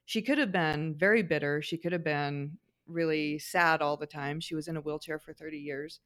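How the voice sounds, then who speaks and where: A middle-aged woman with a somewhat low voice, talking as a guest. She tells personal stories in a conversational, expressive way and is animated as she goes. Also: moderate pace. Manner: expressive, animated anecdote-teller. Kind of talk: conversational storytelling.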